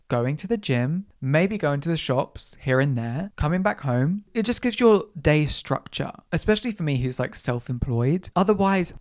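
Chatty, sassy young British podcast host. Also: mid-range voice. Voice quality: chatty, sassy, playful asides. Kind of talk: casual solo podcast chat.

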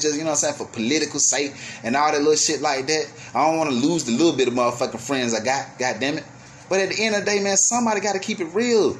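A young man with a high-pitched voice rants as host of his own radio show, cursing freely and veering between yelling and apology. Faint ambient noise sits under his voice. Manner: profane, heated, swings from yelling to apologetic. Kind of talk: ranting monologue.

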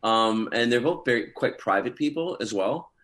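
A man's voice: medium pitch, expressive, normal speed, fairly bright tone. A man, an actor, chatting in an interview and rambling through stories with lots of fillers. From Scottish heritage through his parents. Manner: rambling storytelling, many fillers. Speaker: actor guest. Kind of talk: casual interview chat.

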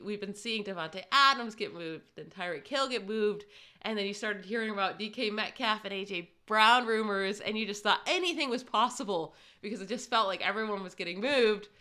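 A woman with a bright, forceful voice chats casually on a sports podcast. She reads out news items and adds her own asides. Her pitch sits in a middle range. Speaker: podcast co-host.

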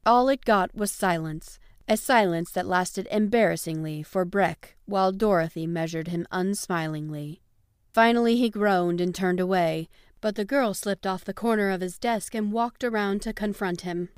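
Measured female audiobook narrator, resonant, dry studio sound. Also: medium pitch, smooth, dry recording. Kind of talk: scripted narration.

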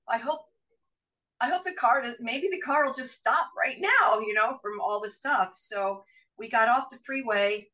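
A middle-aged woman guesting on a podcast tells a personal story animatedly, acting out other people's voices. Her pitch is medium, and she sits far from the mic, so the audio is poor.

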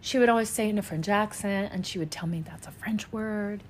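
A woman's voice: mid-range voice, brisk, slight background noise. A woman from Louisiana co-hosting a podcast, telling stories in talkative casual chat. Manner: talkative, storytelling with fillers. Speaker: podcast co-host.

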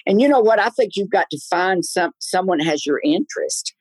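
A man's voice: high-pitched, animated, normal speed, dry recording, poor audio. An older man, a chatty podcast guest telling folksy stories and laughing often. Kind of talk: casual storytelling.

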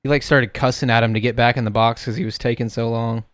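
A man's voice: medium pitch, fairly even intonation, quick pace, fairly bright tone, no echo, clean studio sound. A young man co-hosting a casual podcast, laid-back and teasing. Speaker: podcast co-host. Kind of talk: casual banter.

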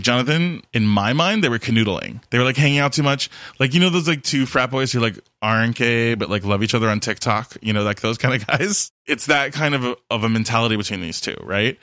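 A man co-hosting a casual talk show, retelling a story with camp humor and jumping into high voices for the characters. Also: fairly bright tone, dry recording. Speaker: podcast co-host.

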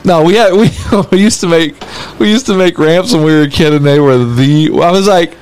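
A man in his thirties co-hosting a podcast in casual chat, an animated storyteller who acts out other people's lines and laughs often. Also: on the high side, a little fast, clean tone, poor audio. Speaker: podcast co-host.

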